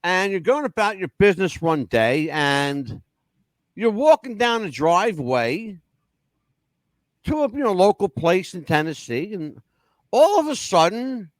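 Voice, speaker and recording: A man hosting a casual talk-radio show, telling stories with animated, crude and profane patter. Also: high voice, measured pace, no echo. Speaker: radio host.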